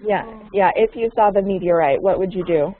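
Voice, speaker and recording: A woman's voice: medium pitch, a little fast, a little hiss or hum. Woman teacher on a tinny line. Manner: patient, repeats questions, explains words. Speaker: English teacher. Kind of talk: online group class. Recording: tinny phone-like audio.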